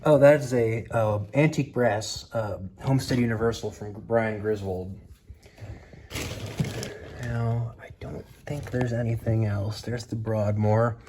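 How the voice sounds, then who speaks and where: Speaking at medium pitch in a steady, slightly slow way, a man films a casual tour of his house, garage and storage spaces, rattling off ceiling fans in his collection. There's noise in the background; he fills his rambling list with fillers and is a touch out of breath.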